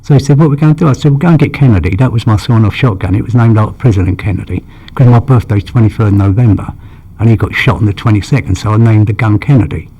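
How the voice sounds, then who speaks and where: A man's voice: on the low side, fast talker, mellow, husky, highs cut off. An older man, telling long stories about his past in a rambling way and acting out the dialogue. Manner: rambling, acts out quoted dialogue, frequent "you know". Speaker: interviewee. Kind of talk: anecdotal storytelling.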